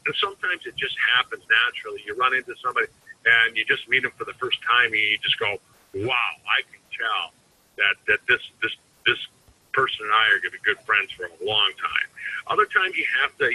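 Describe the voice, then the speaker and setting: A man's voice: medium pitch, bright, forceful tone, breathy edge, rough recording. A man giving an informal sales training talk as a network marketing team trainer, rambling and conversational with frequent restarts.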